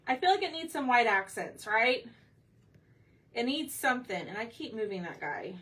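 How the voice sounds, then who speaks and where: A chatty woman talks casually to viewers while she paints. Her voice is fairly high and bright, picked up a little off-mic, with faint room noise behind her. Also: very animated, a little slow, recorded from a distance. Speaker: craft livestream host. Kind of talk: casual live craft chat.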